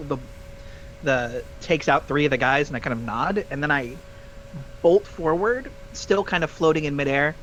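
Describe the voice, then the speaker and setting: Hesitant player with a slightly high voice. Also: male voice, moderate pace, fairly bright tone, a little hiss or hum, rough recording. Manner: hesitant, many fillers. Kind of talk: tabletop game role-play.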